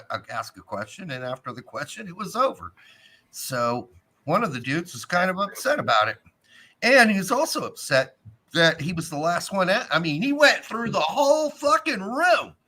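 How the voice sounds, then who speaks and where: A man's voice: a little high, big pitch swings, moderate pace, bright, forceful tone. A man co-hosting a casual sports podcast, ranting with lots of profanity. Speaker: podcast co-host.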